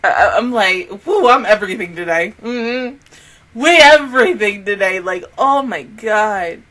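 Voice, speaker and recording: A woman's voice: medium pitch, lively intonation, measured pace, fairly bright tone. A young woman hosting an anime reaction vlog, gushing and exclamatory, cursing freely and swinging between laughs and near tears. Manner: casual, swears freely. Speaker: anime reaction channel host.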